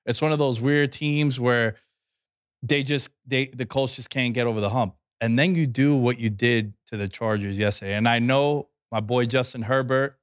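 A man's voice: medium pitch, normal speed, smooth, no room sound, clean studio sound. A man co-hosting a casual sports chat, loose and slangy in his talk. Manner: loose and slangy, says yo, dude, bro. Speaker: co-host.

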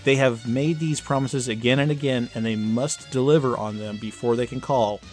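A man's voice: medium pitch, steady tone, moderate pace, soft background music, natural voice. A man playing an indignant debater in a mock debate who hurls insults and demands that promises be kept.

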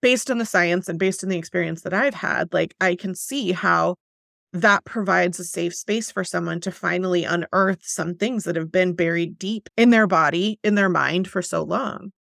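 A woman's voice: fairly low pitch, normal speed, creaky, a bit bright, no echo, clean studio sound. A woman hosting a podcast, talking in a reflective, chatty way with lots of fillers. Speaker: podcast host. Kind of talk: conversational podcast interview.

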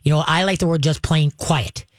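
A woman's voice: low-pitched, fairly even intonation, normal speed, dry recording, clean studio sound. A woman hosting a radio call-in show about pets, chatty and direct, acting out the commands she recommends. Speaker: radio pet show host.

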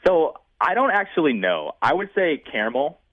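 A man's voice: on the high side, sing-song, normal speed, dry recording. Opinionated man over a tinny line. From Northeast US. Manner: emphatic, opinionated, laughs often. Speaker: podcast co-host. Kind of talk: casual chat.

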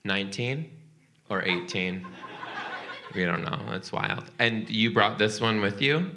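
A man doing stand-up crowd work and telling a story, animated, profane and teasing with the audience. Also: lowish voice, a little slow, gravelly, noisy background. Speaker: comedian and podcast host.

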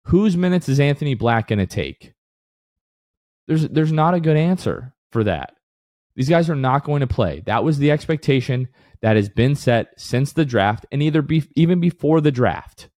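A man co-hosting a sports podcast, mid-pitched, who talks in animated bursts and works himself into a rant. The sound is close and dry, with no room around it. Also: normal speed, no room sound. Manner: animated, ranting then apologizing. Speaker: podcast co-host. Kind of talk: casual sports talk.

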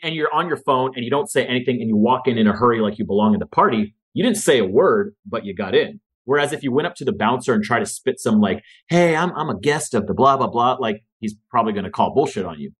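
A man talking as a guest in a casual podcast conversation, energetic, casual and profane. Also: medium pitch, fast talker, few pauses, husky.

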